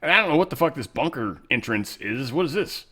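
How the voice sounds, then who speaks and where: A man's voice: mid-range voice, animated, a little fast, pushed and bright, slightly rough. Profane, rambling male commentator. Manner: rambling, profane, sarcastic asides. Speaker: show host. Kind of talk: casual political commentary.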